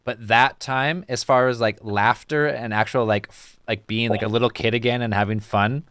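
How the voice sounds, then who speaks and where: A man on a podcast in casual chat, talking excitedly and haltingly, stacking up fillers as he goes. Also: medium pitch, smooth, no echo. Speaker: podcast co-host.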